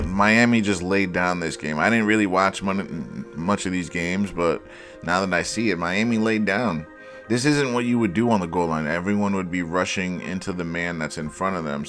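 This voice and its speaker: Deep-voiced man breaking down football plays. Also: fairly bright tone. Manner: sarcastic, mocking, blunt. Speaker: football film analyst. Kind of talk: casual play-by-play breakdown.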